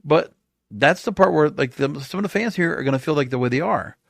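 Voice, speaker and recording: A man with a somewhat high voice rants sarcastically into a close mic, throwing out exasperated rhetorical questions as he hosts his solo podcast. The sound is dry, with no room around it. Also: animated, fairly quick, creaky, fairly bright tone, no echo. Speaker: wrestling podcast host. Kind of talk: opinionated solo podcast rant.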